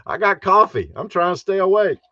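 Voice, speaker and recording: A man's voice: sits high, sing-song, brisk, bright, forceful tone, dry recording, muffled recording. Chatty man hosting a casual livestream. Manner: chatty, chuckles often, reads out viewer comments. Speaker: live stream host. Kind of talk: casual live stream chat. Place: inside a camper.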